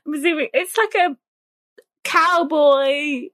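A woman's voice: high voice, steady tone, takes it slowly, a bit bright, no room sound. A woman co-hosting a cookbook podcast, chatting casually and laughing often. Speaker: podcast co-host. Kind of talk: casual chat.

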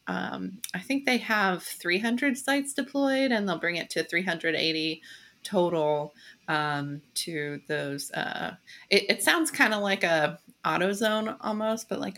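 A woman's voice: lowish voice, takes it slowly, a bit bright. Giggly woman reading a news roundup. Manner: giggly, playful, puts on silly accents. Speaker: podcast co-host. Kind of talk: casual news roundup chat.

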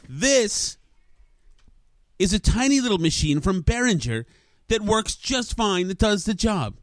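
A man with a fairly high voice rants furiously into his podcast mic, swearing and sputtering in exasperation. The recording is dry and close, with no room echo. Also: expressive, a little slow. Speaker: podcast host. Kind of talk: ranting podcast monologue. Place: studio with recording gear.

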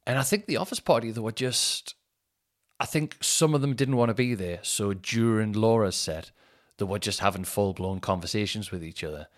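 A man, a comedian and podcast host telling stories in a rambling, sweary, animated way. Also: lowish voice, normal speed. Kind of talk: casual storytelling chat.

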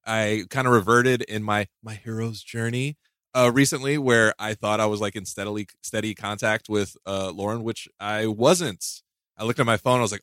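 A man's voice: lowish voice, steady tone, moderate pace, a bit bright, clean tone, no room sound, clean studio sound. Rambling, laughing male podcast host. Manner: rambling, self-mocking, many restarts and laughs. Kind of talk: casual podcast chat.

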